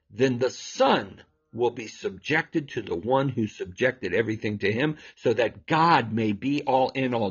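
A man's voice: mid-range voice, husky, dull audio. A man preaching and explaining scripture, emphatic and asking rhetorical questions. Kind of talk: scripture teaching.

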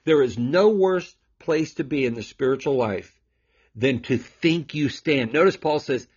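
A man's voice: on the high side, lively intonation, a little slow, darkish tone, husky, highs cut off. A man preaching and explaining scripture, emphatic and asking rhetorical questions. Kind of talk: scripture teaching.

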